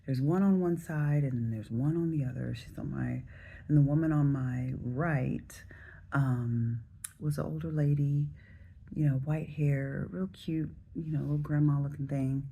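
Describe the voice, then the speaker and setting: A woman in her forties from the Southern US, telling a travel story to camera in a chatty, relaxed way. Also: sits low, measured pace, vocal fry, husky, muffled recording. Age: 40s. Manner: chatty, relaxed, addresses viewers directly. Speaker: travel vlogger.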